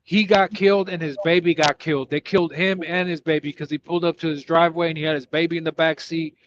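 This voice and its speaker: A man with a somewhat high voice tells a local story in a lively, halting way, repeating words as he goes. His sound is muffled and a bit dull, with a faint hiss behind it. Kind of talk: casual chat.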